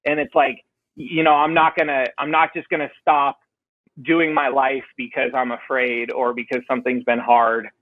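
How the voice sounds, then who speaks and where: A man's voice: mid-range voice, little pitch movement, moderate pace, no echo, phone-quality sound. A man being interviewed on a podcast as a band vocalist, talking in a rambling, self-deprecating way with many fillers. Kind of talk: casual interview chat.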